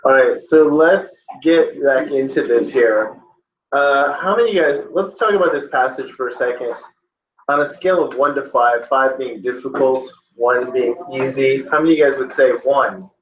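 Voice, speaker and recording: With a mid-range voice at normal speed, a man teaches his class and jokes as he goes. Slight background noise sits under the dull, roomy classroom audio.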